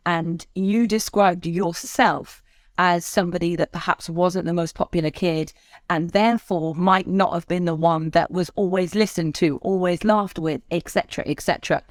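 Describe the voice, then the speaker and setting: Expressive woman, speaker trainer. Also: on the low side, moderate pace, no echo, clean studio sound. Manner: expressive, shifts her tone to make a point. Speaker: speaker trainer and podcast guest. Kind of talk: conversational interview.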